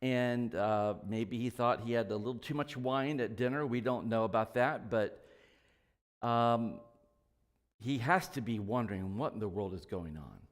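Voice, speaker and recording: Male pastor, mid-pitched, folksy sermon delivery, long church reverb. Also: a little slow. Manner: conversational, folksy preaching with asides and small jokes. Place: church sanctuary.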